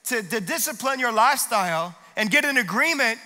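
A pastor preaching a sermon with energetic delivery that builds into shouted declarations, recorded in a church auditorium. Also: male voice, extremely high pitch, a little fast, long reverb tail.

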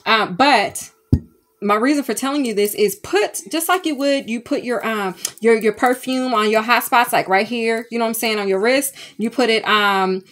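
Woman, spiritual medium, animated vlog talk, slightly high voice. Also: normal speed. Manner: animated, chatty, keeps checking in with "okay?" and "y'all". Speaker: spiritual medium and tarot reader. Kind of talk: casual spiritual vlog chat. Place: home room with sage smoke.

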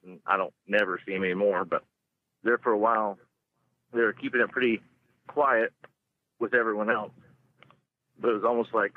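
Low-voiced man over a phone line. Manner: laid-back, many "you know" fillers. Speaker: caller telling an encounter story. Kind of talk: casual storytelling.

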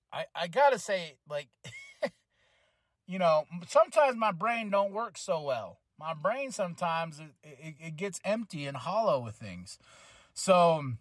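A man with a high voice hosts a casual podcast, rambling through a wrestling review. He gets excitable, swears freely and slips into goofy voices for the wrestlers. The sound is dry and close, with no room echo.

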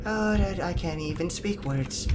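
A woman's voice: a little high, big pitch swings, slow, over music. A woman playing a horror game and commenting on it, frustrated and swearing, often muttering to herself. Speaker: gaming video creator.

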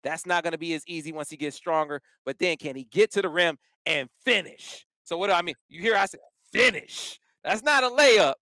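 A man co-hosting a sports podcast, chatting casually and telling stories with animated emphasis. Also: a little high, fast talker, few pauses, dry recording, studio quality. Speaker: podcast co-host.

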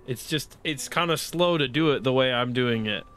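A young man doing let's play commentary, excitable and sarcastic, pleading and shouting at the game as he plays. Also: mid-range voice, moderate pace, soft background music. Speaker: gaming YouTuber.

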